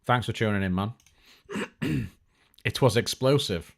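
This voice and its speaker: A man's voice: on the low side, unhurried, creaky. A man hosting a casual tech live stream, chatty and joking, with lots of fillers and restarts. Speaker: tech show host.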